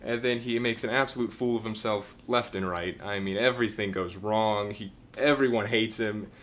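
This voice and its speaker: A man's voice: lowish voice, steady tone, moderate pace, fairly bright tone, a little hiss or hum. A young man casually reviewing a book, rambling and swearing as he retells the plot with laughs.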